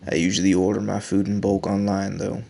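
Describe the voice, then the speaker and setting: A man's voice: low-pitched, a little fast, creaky, a little hiss or hum. A man voicing a curt, aloof young woman showing a guest around her house in a story game. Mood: dry. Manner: curt, flat.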